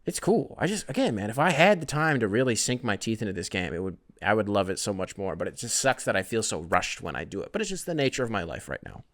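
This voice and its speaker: A man's voice: fairly low pitch, sing-song, fast, few pauses, a bit bright. A young man hosting his own podcast alone, rambling casually with plenty of swearing and self-deprecating asides. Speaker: podcast host. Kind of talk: solo casual podcast rant.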